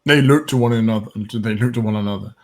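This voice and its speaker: A man narrating as game master in a tabletop game over voice chat, unhurried and hesitant, with many fillers and chuckles. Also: on the low side, faint music behind.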